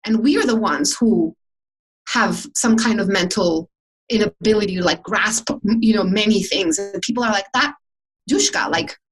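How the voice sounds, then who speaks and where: Husky-voiced woman telling personal stories. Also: medium pitch, normal speed, low-quality recording. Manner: emotional, reflective, frequent restarts. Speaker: podcast guest, author. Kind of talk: personal storytelling in conversation.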